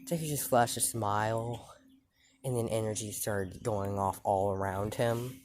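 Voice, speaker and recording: Slow, rambling male storyteller. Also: lowish voice, fairly even intonation, a little mellow, slight background noise. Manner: rambling, with many fillers and self-corrections. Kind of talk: improvised fan-fiction storytelling.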